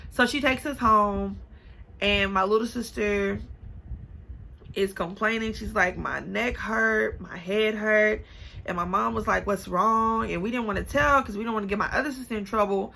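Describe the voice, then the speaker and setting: A young woman telling a story to her camera in a casual storytime vlog, animated and sassy, calling the listener baby and honey. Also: mid-range voice, moderate pace, creaky, a little hiss or hum, low-quality recording. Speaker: vlogger.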